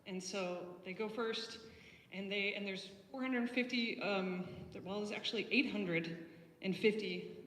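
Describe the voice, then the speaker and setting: A woman's voice: mid-range voice, a little slow, a bit bright. A woman preacher giving a conversational sermon, telling the story with frequent ums and restarts. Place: church. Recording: echoey hall, voice from a distance.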